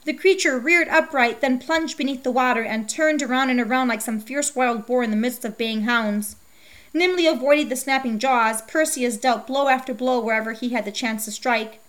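A woman narrating a myth as a storybook reading, with a steady, measured delivery. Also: sits high.

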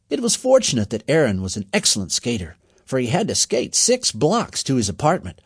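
Here a narrator reads a storybook aloud. He is male, husky, and expressive but measured, and his intonation swings up and down lively across each line. No room sound surrounds the close, dry recording.

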